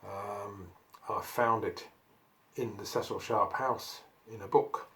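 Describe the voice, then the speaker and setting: A man's voice: fairly low pitch, fairly even intonation, slow, bright, forceful tone. A man from Northamptonshire, a folk singer giving a chatty song introduction at a folk club, with wry asides. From Northamptonshire, England.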